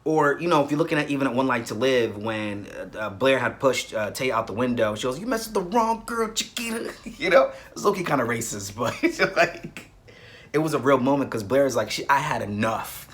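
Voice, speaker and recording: A man's voice: mid-range voice, brisk, a bit bright, slight background noise. A man hosting a casual soap opera review, speaking in an emphatic, repetitive way.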